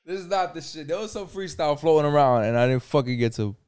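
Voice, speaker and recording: A man's voice: fairly high pitch, animated, quick pace, a little mellow, clear, resonant tone, dry recording. A man in casual chat, arguing playfully and swearing. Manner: argumentative, laughing, profane.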